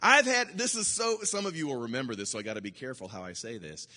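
A male pastor preaching a sermon, emphatic and repetitive, swinging between loud bursts and hushed asides. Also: medium pitch, animated, quick pace. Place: church sanctuary. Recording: long hall reverb.

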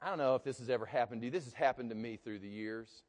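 A man preaching a sermon as pastor, swinging between hushed and loud delivery. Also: mid-range voice, rapid-fire. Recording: long reverb of a large hall.

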